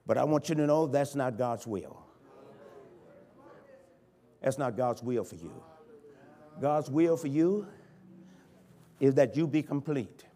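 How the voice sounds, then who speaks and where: A man, a bishop, preaching a sermon in a church, swinging from hushed pleading to loud, impassioned cries. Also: mid-range voice, animated, takes it slowly, pauses often. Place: church sanctuary.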